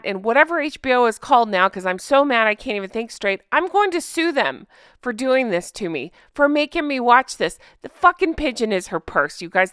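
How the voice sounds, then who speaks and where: A woman's voice: a little high, a bit bright, clean tone, no room sound. A woman hosting a TV recap, ranting in an exasperated, profane and emphatic way into a close microphone. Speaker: host.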